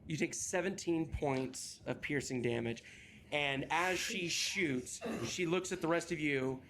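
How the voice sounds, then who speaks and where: Un hombre que dirige una partida de rol de mesa y narra la acción de forma relajada y directa, soltando alguna palabrota. Su voz es algo aguda para un hombre. Se oye ruido de fondo claro en la grabación casera. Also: male voice, a little high, measured pace, background noise. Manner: relaxed, matter-of-fact narration with casual swearing. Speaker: game master. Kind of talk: narrating a tabletop game.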